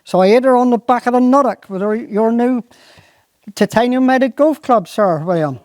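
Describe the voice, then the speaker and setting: A performer doing a dithering Cornish gamekeeper. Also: male voice, very high-pitched, darkish tone, no echo, studio quality, voice pushed up. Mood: hesitant. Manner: hesitant, roundabout, drawn-out dialect speech. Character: slow-witted, apologetic old Cornish gamekeeper.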